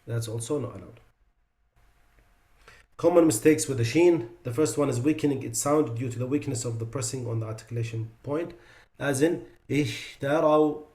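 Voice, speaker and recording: In an online class on Quran recitation, a man with a warm, mid-range voice explains pronunciation mistakes. He models the sounds slowly, drawing them out and repeating them, and mixes in loose, conversational asides.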